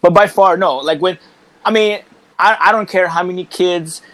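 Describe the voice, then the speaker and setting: Guy rambling casual podcast talk, swears a lot, kinda high voice. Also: steady tone, moderate pace, fairly bright tone, poor audio. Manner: rambling, swears, many restarts. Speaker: wrestler guest.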